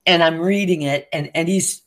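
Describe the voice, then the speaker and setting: A woman's voice: on the low side, moderate pace. A woman telling a long story in casual chat, acting out the lines of the people in it and laughing as she goes. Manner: animated, acts out quotes with laughs. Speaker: co-host.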